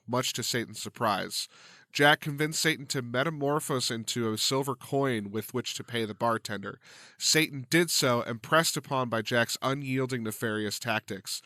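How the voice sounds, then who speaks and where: A man's voice: medium pitch, normal speed, sharp tone, dry recording, studio quality. A man co-hosting a comedy podcast, reading a folk tale aloud with dramatic storytelling and casual asides. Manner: dramatic storytelling with big words. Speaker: podcast co-host.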